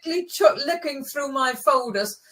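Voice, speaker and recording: A woman whose first language is German explains phrases in a relaxed lesson. She corrects pronunciation patiently and talks through each point in a friendly, conversational way. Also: sits high, fairly quick, a crowd in the background. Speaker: German teacher.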